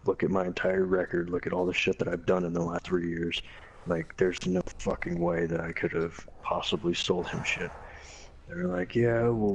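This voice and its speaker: A man's voice: deep voice, vocal fry, a little hiss or hum, rough recording. A young man, a former Marine, casually telling a profane, blunt story and quoting people along the way.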